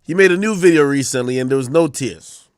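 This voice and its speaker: A man's voice: mid-range voice, a little fast, clear, resonant tone, dry recording, clean studio sound. A man hosting a live stream, making sarcastic, mocking commentary on clips he plays. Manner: sarcastic, mocking, animated reactions. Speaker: streamer host.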